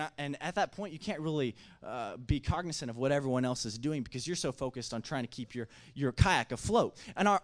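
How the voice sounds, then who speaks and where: A man with a fairly high voice tells a family story at a microphone with lots of excitement. He surges loud, drops back, and trips over his own restarts as he goes. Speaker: speaker telling a family story at a mic. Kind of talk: animated personal storytelling.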